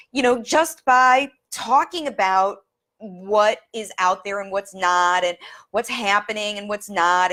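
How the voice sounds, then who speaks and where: A woman's voice: a little high, fairly bright tone. A middle-aged woman who coaches parents, talking casually to her viewers in a live video, full of fillers and restarts, at times getting teary. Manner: chatty, many fillers and restarts; gets emotional, teary. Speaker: speech and language coach.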